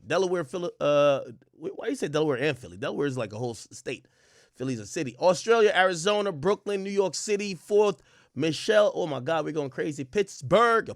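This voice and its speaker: A man's voice: a little high, dry recording, studio quality. Man loosely talking to his live chat. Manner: loose, profane, talks straight to chat, shouts out cities. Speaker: livestream host. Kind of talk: casual livestream chat, reading chat roll call. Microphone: desk mic close up.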